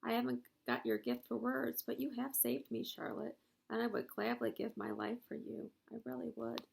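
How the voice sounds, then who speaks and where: A woman's voice: on the high side, level tone, moderate pace, vocal fry, husky, heavily acted. A woman voicing an anxious young male pig, earnest and pleading, in a storybook reading. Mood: hopeful.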